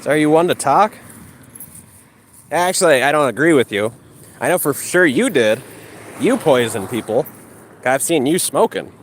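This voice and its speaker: A man's voice: on the high side, lively intonation, moderate pace, pauses often, a little hiss or hum. A man ranting and mocking his critics with heavy profanity while he exercises outdoors. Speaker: livestreamer.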